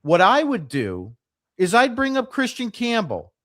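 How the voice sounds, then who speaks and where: Lively, exasperated male sports podcaster. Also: extremely high pitch, a little slow, no echo, clean studio sound. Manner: blunt, exasperated arguing. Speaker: podcast co-host.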